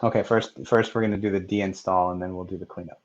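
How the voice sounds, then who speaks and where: A man with a lowish voice talks through a software installation, step by step, in a plain, unhurried way with the odd "uh". The audio is dull and lo-fi, like a screen recording. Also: steady tone. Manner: plain, step-by-step narration with fillers. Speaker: software tutorial presenter. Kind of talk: screen-recorded technical walkthrough.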